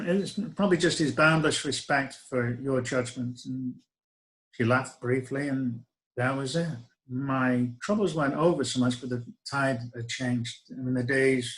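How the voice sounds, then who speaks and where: A man's voice: mid-range voice, rough recording. A middle-aged man, telling a personal story in a reflective, wry way with hesitant restarts. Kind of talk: first-person spoken storytelling.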